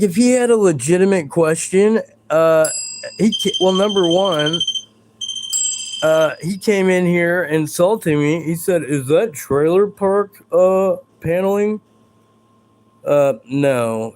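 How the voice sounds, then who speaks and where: A man's voice: on the high side, measured pace, a little mellow. A man hosting a live stream, talking to his chat in a combative, profane, ranting way.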